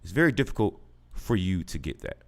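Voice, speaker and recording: Male podcast host, mocking and sarcastic, voice sits a bit high and swings widely, stumbles and restarts mid-sentence. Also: big pitch swings, normal speed, a bit bright. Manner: taunting, sarcastic, repeats himself; stammers and restarts often. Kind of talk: combative live podcast talk with a caller.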